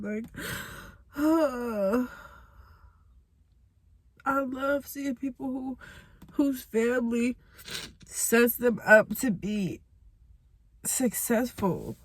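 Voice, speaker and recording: A young woman giving a candid personal confession, halting and emotional, with sighs and blunt swearing. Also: on the high side, dry recording. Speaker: vlogger sharing a personal testimony.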